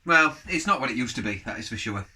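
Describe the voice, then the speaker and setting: A man's voice: medium pitch, animated, quick pace, sharp tone, slightly rough. Rambling chatty man reviewing beer. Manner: rambling, jumps between topics; blunt, chatty verdicts. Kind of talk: casual review vlog.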